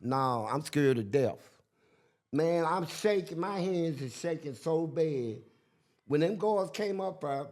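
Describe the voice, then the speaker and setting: A man's voice: fairly high pitch, unhurried. An older man telling a story in casual chat, acting out the people he quotes. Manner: animated, acts out quotes in different voices. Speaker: guest.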